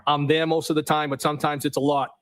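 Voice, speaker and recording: A man on the witness stand, reading text messages aloud in a matter-of-fact way and saying the punctuation marks out loud. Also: a little high, flat delivery, fast, clear, resonant tone, rough recording. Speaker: trial witness.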